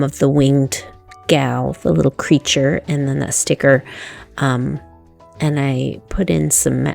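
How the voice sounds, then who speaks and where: A woman vlogger doing a relaxed, chatty voice-over while congested from allergies, easygoing and self-deprecating. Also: sits low, vocal fry. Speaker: craft vlogger. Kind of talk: casual voice-over chat.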